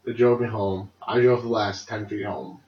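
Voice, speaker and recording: A man's voice: lowish voice, level tone, moderate pace. A young man casually telling a long personal story on a podcast, rambling, laughing often and swearing freely. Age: young adult. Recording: dull lo-fi roomy recording.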